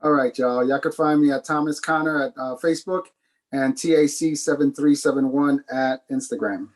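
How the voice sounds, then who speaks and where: A man reading his poems at an online open mic over a video call, in a calm, measured way, switching between English and Spanish. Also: medium pitch, poor audio. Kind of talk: poetry reading.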